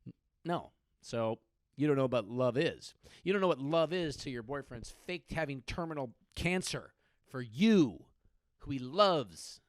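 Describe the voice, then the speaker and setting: A man's voice: medium pitch, no room sound, clean studio sound. A man in his thirties hosting a comedy podcast, riffing profanely on odd news stories and slipping into mock voices.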